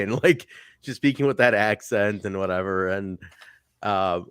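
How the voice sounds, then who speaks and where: A man's voice: low voice, moderate pace, smooth, no echo. A man hosting a casual review podcast, recapping events and acting out what people said. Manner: animated recapping, acts out quotes. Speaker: podcast host. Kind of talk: casual wrestling review chat.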